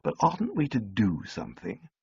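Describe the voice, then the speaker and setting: A man reading an audiobook, voicing a kind, decisive young woman who talks in a brisk, teasing way. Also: fairly low pitch, wildly swooping pitch, creaky, warm tone, husky, dry recording, highs cut off, full character voice. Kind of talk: audiobook character voice.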